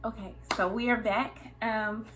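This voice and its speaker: A young woman speaking in a candid personal vlog. She is earnest and emotional, talking haltingly with frequent fillers and nervous laughs. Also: on the high side, fairly even intonation, fairly bright tone, faint music behind. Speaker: vlogger.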